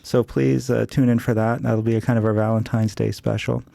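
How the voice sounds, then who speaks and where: A man's voice: fairly low pitch, little pitch movement, a little fast, creaky, warm tone, no room sound. A man, the show's producer, giving casual announcements while losing his voice, chatty with many fillers. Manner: chatty, loose, lots of fillers.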